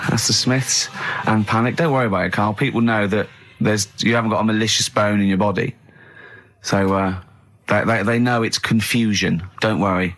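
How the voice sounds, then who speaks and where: A man's voice: lowish voice, fairly even intonation, normal speed, fairly bright tone. A man hosting a radio show, amused and mocking in casual chat. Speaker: radio host.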